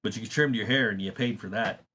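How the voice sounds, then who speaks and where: A podcast host chats casually, his voice on the low side, brisk, sharp in tone and slightly rough. He swears freely and laughs his way through his stories.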